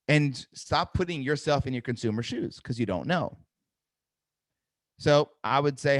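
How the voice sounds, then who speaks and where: A man's voice: medium pitch, no room sound, studio quality. A middle-aged man coaching salespeople in a live webinar, talking directly and energetically and often checking in with "right?". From New Jersey. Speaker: sales trainer.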